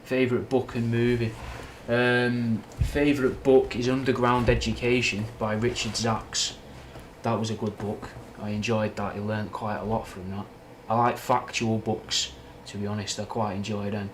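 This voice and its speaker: A young man from Manchester, England, hosts a livestream and answers chat in a casual, frank, rambling way, full of slang and swearing. His Mancunian accent has a slight Scouse twang, and his voice sits on the low side with a level tone and moderate pace. There's a little hiss or hum in the audio.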